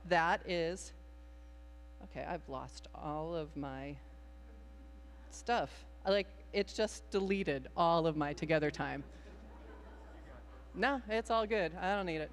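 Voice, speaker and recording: A woman's voice: fairly low pitch, slight background noise. A woman minister leading a playful children's time in a worship service, improvising and encouraging the young people. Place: church sanctuary. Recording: long hall reverb in a sanctuary.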